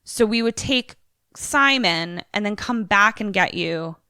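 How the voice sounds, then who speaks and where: With a mid-range, clear, resonant voice and a slightly slow delivery, a young adult woman casually runs through a film's plot as a podcast co-host. She tells it animatedly, voicing the characters' lines herself. The studio sound is clean, with no echo.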